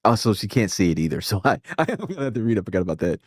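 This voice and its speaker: A male live-stream host with a lowish voice rambles through loose opinions and swears freely. He keeps cutting himself off and restarting. The sound is dry and close-miked. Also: expressive, racing, darkish tone, husky, dry recording. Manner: rambling and profane, with many restarts and self-interruptions. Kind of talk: casual live-stream chat.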